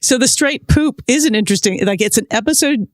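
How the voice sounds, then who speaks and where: A woman's voice: on the high side, animated, fairly quick, dry recording, clean studio sound. A woman hosting an interview, answering with short affirmations and laughs. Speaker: podcast host. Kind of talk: conversational interview.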